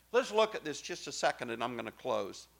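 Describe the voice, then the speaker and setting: A middle-aged male pastor preaching a sermon, emphatic and swinging from soft, low asides to loud exclamations. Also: sing-song, a little slow, vocal fry.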